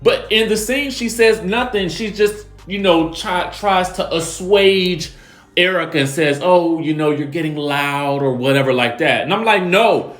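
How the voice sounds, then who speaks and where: A man recapping reality TV drama in an animated, emphatic, slangy way. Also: high voice, unhurried, soft background music. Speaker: celebrity gossip YouTuber.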